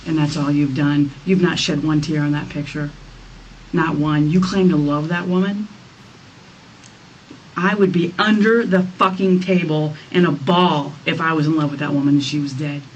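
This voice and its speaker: A woman's voice: low-pitched, fairly even intonation, moderate pace, lo-fi sound. A woman police detective pressing a suspect during an interrogation, firm and repetitive in her accusations. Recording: distant mic in a noisy interrogation room.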